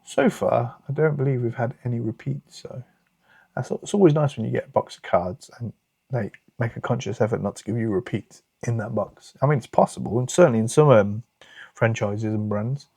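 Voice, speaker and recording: A British man from the UK hosts a relaxed card-opening video, chatting away and muttering little asides to himself. His medium-pitched voice is mellow and husky with some vocal fry, moving at a normal speed, and there's no room sound.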